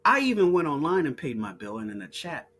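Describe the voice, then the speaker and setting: A man's voice: a little high, very animated, a little fast, a bit bright, breathy edge. A man hosting his own video, talking in a heated, profane monologue full of repeated words and restarts. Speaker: video host. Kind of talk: casual monologue.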